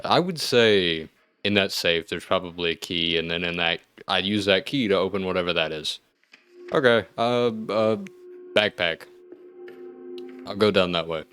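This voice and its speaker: Male gamer host, deep voice, casual play-by-play with wry asides. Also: measured pace, faint music behind. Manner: thinks aloud, wry asides, sudden excited outbursts. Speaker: gaming video host. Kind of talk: let's-play commentary.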